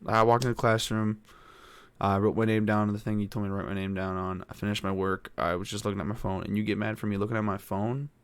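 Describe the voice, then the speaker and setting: A man's voice: lowish voice, flat delivery, fast, clear, resonant tone, no room sound. A teenage boy hosting a podcast, venting in a frustrated, rambling way with lots of swearing. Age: teens. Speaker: podcast host. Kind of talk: casual venting monologue.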